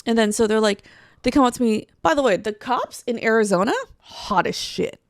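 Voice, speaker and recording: Young woman, gravelly voice, profane animated storytelling, dry close mic. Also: fairly high pitch, fast talker, no echo. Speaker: co-host. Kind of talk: casual chat.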